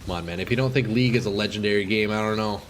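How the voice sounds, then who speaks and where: A man streaming a game live, chatting casually with viewers, excitable and swearing, sniffling from a runny nose. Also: fairly low pitch, racing, slight background noise. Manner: excitable, swears, calls chat "bro" and "dude". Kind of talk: casual live gameplay chat.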